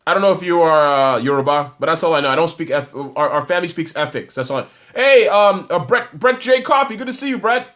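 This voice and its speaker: A man coaching small businesses on a live stream. His voice sits a little high and he talks energetically, reacting to viewer comments with frequent false starts. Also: fairly quick, hardly any pauses. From Toronto, Canada. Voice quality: energetic, talkative, many restarts.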